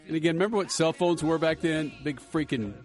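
A man's voice: fairly high pitch, fairly even intonation, quick pace, a little mellow, soft background music. A man co-hosting a radio show, rambling through stories in casual on-air chat and laughing often.

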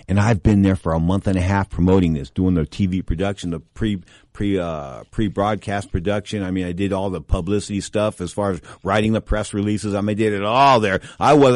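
A middle-aged man hosting a boxing talk show, telling rambling stories full of restarts and asides, and jumping up in pitch for emphasis. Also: fairly quick, hardly any pauses, darkish tone, no echo, clean studio sound. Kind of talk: casual anecdotal storytelling.

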